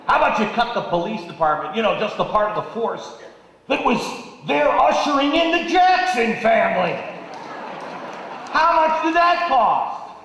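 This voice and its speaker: A middle-aged man performs a live stage monologue in a high, swooping voice, sarcastic and animated as he mocks people with put-on voices. His voice rings through a large hall with a long, booming echo. It is picked up from far away, with faint room noise behind. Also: normal speed, lo-fi sound. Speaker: political commentator on stage. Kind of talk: live stand-up style monologue. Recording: echoey hall audio from far off.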